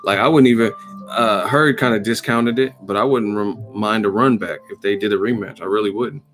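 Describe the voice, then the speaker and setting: A man's voice: brisk, over music. A man hosting a live boxing chat, casual and profane, full of slang and laughs. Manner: profane, laughing, slangy, puts on a deep announcer voice as a joke.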